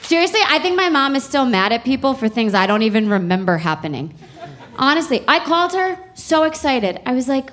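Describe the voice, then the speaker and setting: A woman's voice: sits high, sing-song, fairly quick. A young woman doing a stand-up comedy set, telling stories in a chatty, exasperated way with playful emphasis, on a club stage mic.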